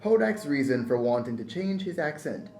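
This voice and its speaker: A man reading scripted narration for a news feature in a measured way. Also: fairly high pitch, sing-song, a little mellow, echoey room.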